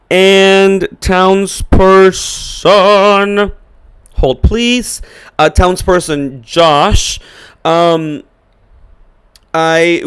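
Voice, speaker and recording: A man's voice: high-pitched, clear, resonant tone. A man co-hosting a podcast, chatting casually in a playful, teasing way and laughing often. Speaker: podcast co-host. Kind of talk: casual chat.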